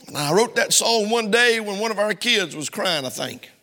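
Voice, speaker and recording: A middle-aged preacher with a very high, piercing bright voice, preaching with fervor and throwing rhetorical questions at his church. His words ring out in the long reverb of a big sanctuary. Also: lively intonation, normal speed. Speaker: pastor. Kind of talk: sermon.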